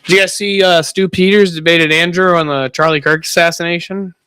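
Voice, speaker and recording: A man's voice: fairly high pitch, steady tone, fairly quick, sharp tone, smooth, no echo. A young man streaming, telling a profane party story with frequent laughter. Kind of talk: casual chat.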